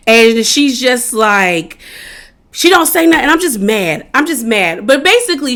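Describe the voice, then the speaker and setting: A woman talks through a TV episode in a casual recap, her voice sitting a touch high. She jumps between telling the story and voicing the characters' lines, often breaking off to exclaim her own reactions. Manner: animated, retells scenes with quoted dialogue, exclaims. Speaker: TV recap vlogger.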